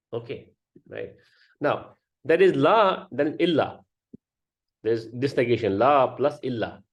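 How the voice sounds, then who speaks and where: A man teaching a grammar class, explaining step by step and often checking with students. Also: mid-range voice. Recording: dull lo-fi sound.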